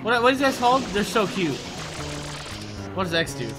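A young man with a high, bouncy voice calls out a video game as he plays it live. He swears freely and argues with the characters on screen. Game music plays underneath. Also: moderate pace. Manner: excitable, profane, talks back at the game. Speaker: gaming streamer. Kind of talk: casual live-stream gameplay commentary.

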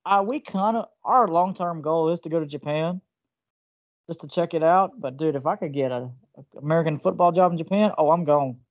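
A man's voice: fairly high pitch, brisk. Joking man on a lo-fi phone call. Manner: joking, animated storyteller. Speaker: host. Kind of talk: casual interview chat. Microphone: cell phone.

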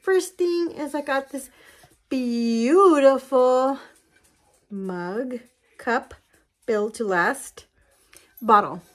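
Slow-talking chatty woman vlogger. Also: fairly high pitch, sing-song, a bit bright. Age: 40s. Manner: gushing, chatty, fond baby talk to her dogs. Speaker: lifestyle vlogger. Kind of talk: casual vlog chat to camera. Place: at home, in her bedroom.

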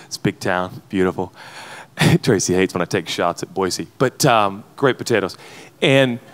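A man in his thirties from the United States preaches a sermon to pastors in a conference hall. His voice is low and his pace normal, and he shares a personal story with earnest emotion.

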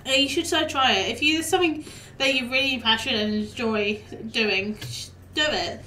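Young woman, high voice, game streamer, chatty and laughing, a bit off-mic, echoey room. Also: sharp tone, recorded from a distance, a little hiss or hum. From United Kingdom. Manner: chatty, quick to laugh, talks back to the game. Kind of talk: casual live-stream chat.

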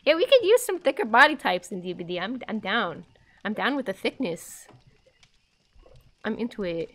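Giggly, lively young woman streamer. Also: mid-range voice, moderate pace. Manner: giggly, jumpy, easily spooked. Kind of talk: live game stream commentary.

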